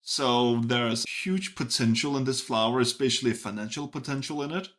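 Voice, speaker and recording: A man's voice: medium pitch, moderate pace, a bit bright. A man giving a casual spoken film review, stopping often to restart and correct himself. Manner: hesitant, frequent restarts and self-corrections. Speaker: movie reviewer.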